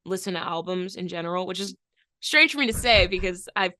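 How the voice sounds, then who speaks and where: A woman's voice: fairly low pitch, lively intonation, a little fast, sharp tone, no room sound. A woman co-hosting a music podcast, chatting casually and enthusiastically about albums, swearing freely and backing her partner with mm-hmms. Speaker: podcast co-host. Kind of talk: casual music review chat.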